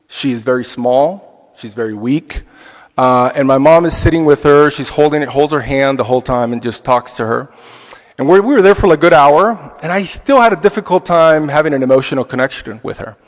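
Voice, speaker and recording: A man's voice: on the high side, expressive, fairly quick. A man teaching an adult church class, telling a personal story in a reflective way with casual fillers. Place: church hall. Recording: long reverb of a church hall.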